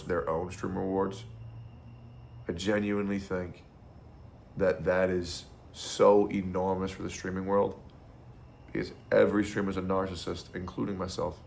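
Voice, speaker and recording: A man's voice: low-pitched, creaky, slight background noise. A male streamer in a casual, blunt monologue, ranting with heavy profanity and strong opinions.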